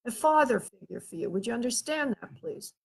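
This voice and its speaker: A woman hosting a show as a spirit medium, giving a live reading in a gentle, soothing way and often checking that the caller understands. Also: fairly high pitch, animated, a little fast, creaky, slightly rough. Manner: hesitant, with frequent filler sounds and restarts.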